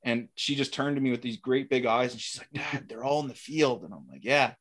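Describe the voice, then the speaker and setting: With a medium-pitched voice and a fairly quick pace, this middle-aged guest relates a hunting tale in a casual way. He animatedly performs each person's lines in quotes.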